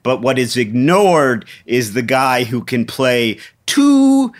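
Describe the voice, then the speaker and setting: A man's voice: medium pitch, very animated, takes it slowly. A man co-hosting a comedic podcast, rambling with many stammering restarts. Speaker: podcast co-host.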